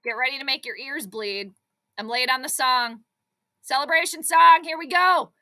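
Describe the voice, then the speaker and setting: High bright excitable woman streamer. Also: moderate pace. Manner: excitable, exclamatory, chatty. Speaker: sports stream host. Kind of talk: live play-by-play reaction commentary.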